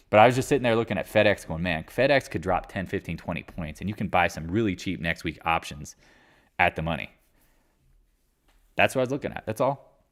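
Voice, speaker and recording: Male live-stream market host, forties, from North Carolina; lowish voice, blunt, profane, rambling. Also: a bit bright. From Raleigh, North Carolina. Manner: blunt, swears, trails off and restarts.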